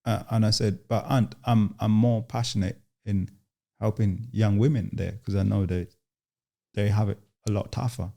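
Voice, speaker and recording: Gravelly low-voiced man telling his story. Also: steady tone, moderate pace, mellow. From Uganda. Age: young adult. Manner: hesitant, with many restarts and quoted dialogue. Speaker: guest. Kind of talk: personal storytelling in an interview.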